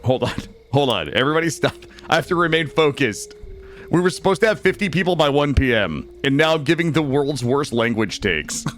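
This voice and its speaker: An American man with a cold talks casually to his viewers during a game stream, his voice sitting a bit high and swinging widely in pitch. He rambles, restarts sentences and chats over faint background music. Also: expressive, fairly quick, a bit bright. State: has a cold. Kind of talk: casual gaming stream chat.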